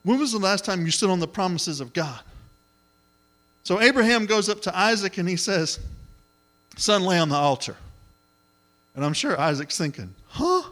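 Middle-aged preacher, lively delivery, acts out the voices in his sermon. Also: high voice, a little fast. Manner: animated storytelling, acts out voices, exclamations of hallelujah.

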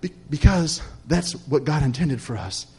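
A man, his voice sitting a little on the higher side, preaches in a rolling, repetitive cadence. He keeps checking in with the congregation and swings between booming emphasis and near-whispered tenderness. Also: lively intonation, normal speed, husky. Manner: preacherly, repetitive cadence with call-and-response "Amen?"; swings from loud emphatic lines to soft hushed ones. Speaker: pastor. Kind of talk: sermon.

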